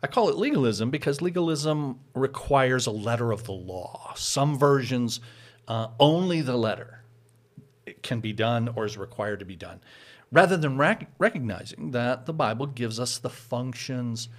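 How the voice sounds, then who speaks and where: A man's voice: mid-range voice, expressive, moderate pace. Man, pastor, casual teaching chat, patient explaining, chuckles often.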